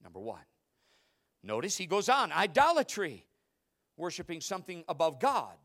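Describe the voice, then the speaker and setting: A male preacher with a fairly high voice that swings widely in pitch, delivering a sermon. He tells animated stories, rising to loud outbursts and dropping to hushed asides. He sounds middle-aged. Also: moderate pace. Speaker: pastor.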